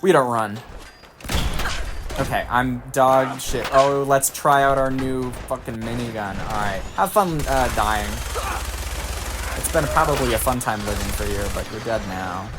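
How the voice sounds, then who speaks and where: A man streaming a video game, chatting casually and thinking aloud as he plays, excitable and quick to swear. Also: mid-range voice, noisy background. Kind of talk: casual let's-play commentary.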